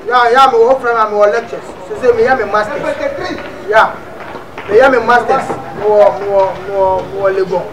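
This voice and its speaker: A man's voice: high voice, fairly even intonation, normal speed, crowd noise, noisy background, lightly acted. A man voicing a boastful young man who keeps lying about his studies, with a Ghanaian accent, in a comic cartoon dub. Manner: evasive, boastful, pleading.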